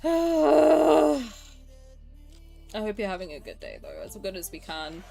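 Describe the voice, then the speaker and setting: A woman's voice: mid-range voice, huge pitch swings, slow, gravelly, dark tone, soft background music. A young English woman streaming live, chatting frankly and emotionally, ranting and swearing as she greets her viewers. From England. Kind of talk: casual livestream chat.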